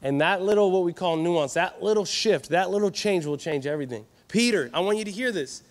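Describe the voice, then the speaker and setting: A man preaching an energetic sermon at a youth conference, animated and joking with the crowd. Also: sits high, brisk. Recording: live hall reverb.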